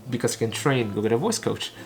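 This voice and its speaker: A medium-pitched, animated male voice, with slight noise in the background, belongs to a channel host from Vietnam. Learning English, he shadows a recorded talk phrase by phrase, line by line. His first language is Vietnamese, and his clipped, halting speech stumbles and restarts frequently.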